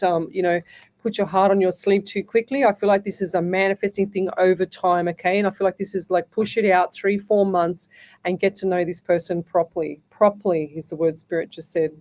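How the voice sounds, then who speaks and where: A woman's voice: on the low side, darkish tone. Chatty woman giving psychic readings. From Australia. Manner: chatty, repeats herself, calls listeners lovey. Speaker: psychic medium radio host. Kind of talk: live radio psychic reading.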